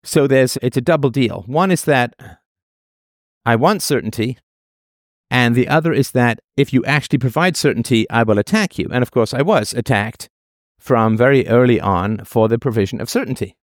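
A man works through a philosophical argument, emphatic and argumentative, and circles back to repeat his points. His voice sits at a middle pitch. The recording is dry and close, with no room sound. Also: normal speed, no echo. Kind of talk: philosophical monologue.

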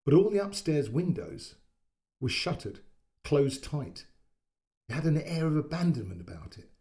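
A man narrating a short story in a measured, descriptive way. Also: medium pitch, warm tone.

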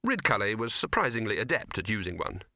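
A man's voice: lowish voice, very animated, fast talker, sharp tone, dry recording. A man narrating a comic fantasy audiobook, shifting his voice for each character.

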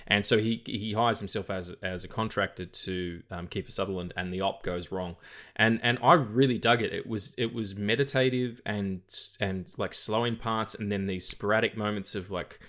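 A man with a fairly low voice talks through films on a podcast in loose, casual chat. He rambles, restarts his sentences often and swears freely, and he gets animated as he goes. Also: normal speed. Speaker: podcast co-host.

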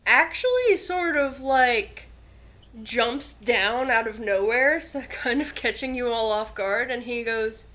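Game master, female, unhurried and giggly narration, slightly high voice. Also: animated, a bit bright. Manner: unhurried, hesitant with many ums, giggly.

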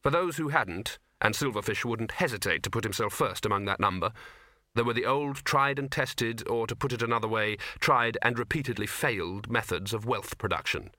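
A man narrating a comic fantasy audiobook with dry, expressive storytelling. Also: medium pitch, moderate pace, no room sound. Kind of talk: scripted narration.

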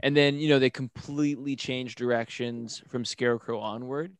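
A man's voice: mid-range voice, fairly even intonation, moderate pace, clean tone, dry recording. A man in casual chat who talks hesitantly and repeats himself as he gets going.

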